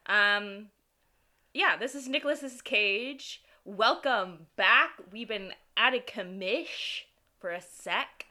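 A woman co-hosting a podcast shares one microphone during a casual, giggly, rambling chat, poking fun at herself along the way. Her voice is medium in pitch and slow, with a sharp tone.

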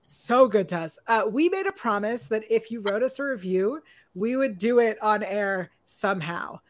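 A woman's voice: mid-range voice, animated. Chatty woman podcast co-host. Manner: chatty, hedging, with filler pauses. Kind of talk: casual chat.

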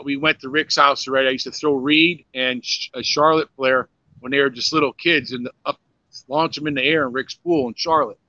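An older ex-pro wrestler rambles through profane anecdotes during a casual interview, full of restarts and "you know"s. His mid-range voice sounds pushed and bright, and the recording is dry, lo-fi, and a little dull.

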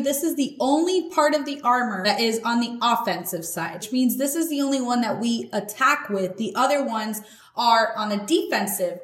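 A podcast host gives an earnest but casual talk about faith, speaking conversationally and using slang. Her voice is on the high side with a fairly bright tone, and the room is echoey.

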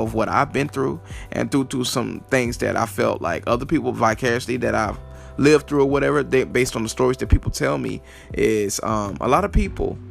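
A man's voice: medium pitch, gravelly. A man hosting a podcast, talking straight to his listeners in a loose, profane, casual way. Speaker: podcast host. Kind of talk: casual comic storytelling.

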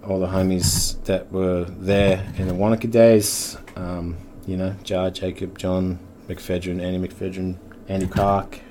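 A man's voice: low-pitched, level tone, a little slow, hardly any pauses, warm tone. A man, a podcast guest in casual chat who swears often and laughs through his stories. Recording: faint background noise.

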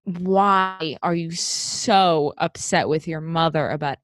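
A woman's voice: deep voice, slow, no echo, clean studio sound. A woman co-hosting a casual podcast, recapping a film with dramatic character quotes and strong opinions. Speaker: podcast co-host.

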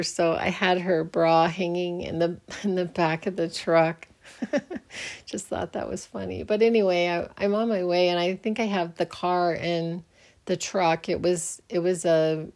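Middle-aged woman podcasting, slow rambly story, kinda low voice, earnest. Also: a little mellow. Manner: rambling, earnest, often restarts; faith-minded, reflective. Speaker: podcast host. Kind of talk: personal storytelling monologue.

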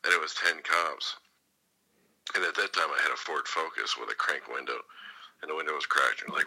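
A man's voice: extremely low pitch, fairly quick, gravelly, sharp tone, slightly rough, low-quality recording. A man from California telling a long rambling story in casual chat, acting out the voices in it. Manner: rambling, acts out voices in his stories, swears.

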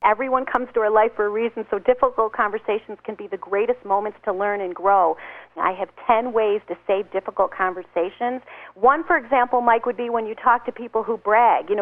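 A woman author giving upbeat advice in an interview, acting out little dialogues as she explains. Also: mid-range voice. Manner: upbeat, acts out quoted dialogue. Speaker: guest author. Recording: tinny phone line.

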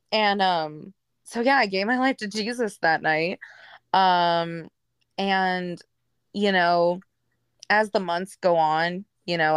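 A woman's voice: lowish voice, fairly bright tone, clean tone, no echo. A woman candidly telling her personal story as a guest, in a frank, rambling way with frequent fillers.

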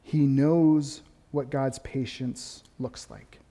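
A pastor preaching a sermon, lively and conversational, swinging between quick, louder stretches and soft, dropped emphasis. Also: male voice, mid-range voice, big-room sound. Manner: animated preaching, rising and dropping to quiet emphasis.

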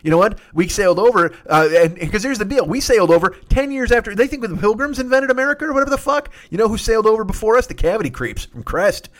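A man's voice: sits high, sing-song, fast, few pauses, a bit bright. A man hosting a comedy show, riffing through a profane, improvised rant and slipping into silly voices. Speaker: comedy podcast host.

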